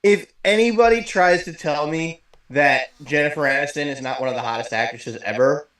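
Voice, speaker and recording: A man's voice: on the high side, normal speed, a bit bright. A man co-hosting a casual podcast, joking and teasing his partner. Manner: playful, teasing banter. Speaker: podcast co-host. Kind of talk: casual chat. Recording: echoey room.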